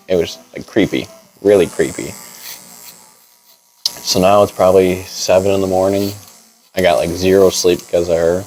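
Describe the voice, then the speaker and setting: Low-voiced man rambling through a story. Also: flat delivery, moderate pace, long pauses, darkish tone, poor audio. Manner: rambling, laid-back, heavy on "like". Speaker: client telling a story. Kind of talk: casual storytelling. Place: barbershop.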